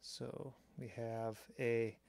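A man calmly explaining a drum machine's sounds step by step, pausing between phrases as he demonstrates. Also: mid-range voice, gravelly. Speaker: synth reviewer. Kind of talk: technical demo narration. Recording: strong mains hum on the mic.

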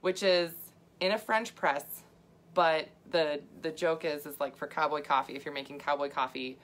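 Chatty low-voiced woman health coach. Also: steady tone, normal speed, a bit bright. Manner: chatty, laughs often, many fillers and asides. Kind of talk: casual livestream talk.

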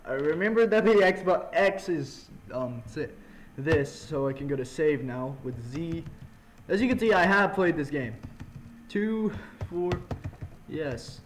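At home indoors, a man hosting a gaming channel chats through a casual let's-play, eating as he talks, with the microphone right up against his mouth. His voice is fairly high-pitched, animated and unhurried.

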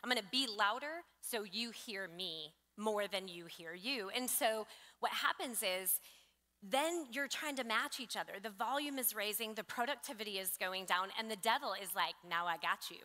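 A woman's voice: medium pitch, lively intonation, normal speed, bright, forceful tone. A woman sharing a conversational sermon, earnest and affirming, citing scripture. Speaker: pastor. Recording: long reverb of a church hall.

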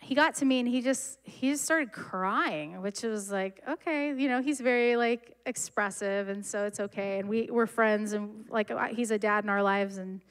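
A woman's voice: mid-range voice, normal speed, hardly any pauses. A young woman giving a heartfelt, conversational sermon with frequent restarts. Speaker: church speaker.

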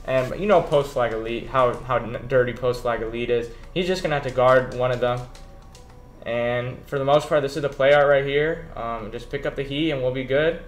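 A man's voice: medium pitch, normal speed, soft background music. Young dude casually commentating his football game, slangy and chill, faint beat under him. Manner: laid-back, slangy, talks to himself while playing. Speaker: gaming YouTuber. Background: background beats.

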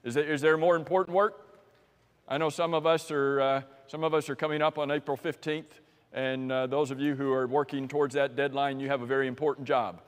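A man's voice: medium pitch, flat delivery, fairly quick, clean tone. An American man preaching a sermon in a church, talking conversationally and asking the congregation questions. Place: church sanctuary. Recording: church live stream with long hall reverb.

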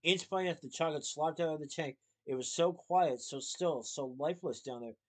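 A man reads a children's novel aloud in a steady, expressive narrating voice. His pitch sits a little above the usual for a man. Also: moderate pace, low-quality recording. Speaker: storybook reader.

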